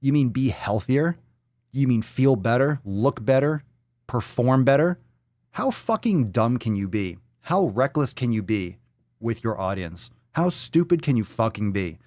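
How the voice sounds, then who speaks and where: A man's voice: mid-range voice, sing-song, measured pace, a little mellow, dry recording, clean studio sound. A man hosting a fitness podcast, ranting in a profane, sarcastic and exasperated way. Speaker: podcast host.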